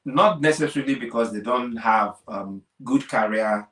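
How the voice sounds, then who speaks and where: A man's voice: medium pitch, normal speed, fairly bright tone, reverberant, distant mic. A man co-hosting a relationship talk, making earnest points through examples and repetition. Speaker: co-host of a relationship talk show. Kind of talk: conversational discussion.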